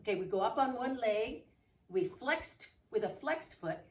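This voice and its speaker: Woman, children's yoga teacher, animated sing-song coaxing, echoey room, distant mic. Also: fairly high pitch, normal speed. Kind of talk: guided children's movement class.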